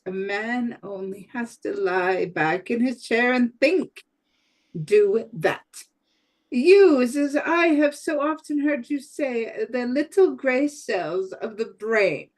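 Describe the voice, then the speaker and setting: A woman reading the part of an excitable middle-aged male railway director at a table read, with a theatrical, pleading delivery and sudden bursts of outrage. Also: on the high side, slow.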